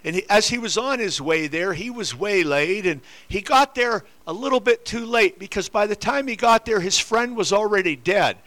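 A man's voice: sits high, animated, moderate pace, few pauses, bright, forceful tone. An older man preaching a sermon to his congregation, repeating rhetorical questions. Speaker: pastor. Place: church.

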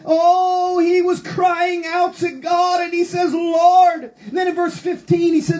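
A woman's voice: extremely high pitch, little pitch movement, a little slow, hardly any pauses, darkish tone, rough recording. A woman preaching a Pentecostal sermon, reading scripture aloud with fervent, rousing delivery.

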